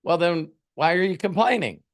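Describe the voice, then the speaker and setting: A man's voice: sits high, lively intonation, normal speed, pitched above the performer's own voice. A man doing an impression of a stern, impatient older female TV judge who scolds in clipped demands. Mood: scolding.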